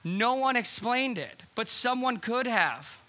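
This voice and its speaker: A man's voice: extremely high pitch, lively intonation, slow pace, pushed and bright. A man preaching a sermon as pastor, earnest and urgent, posing questions to the congregation. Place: church hall.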